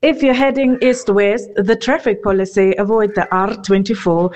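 A woman's voice: medium pitch, steady tone, moderate pace, a little mellow. A woman caller sending a voice note to a radio show, hamming up a mock Scottish accent.

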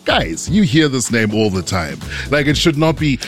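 Earnest co-host. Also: male voice, medium pitch, big pitch swings, moderate pace, faint music behind. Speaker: radio co-host. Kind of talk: casual radio chat.

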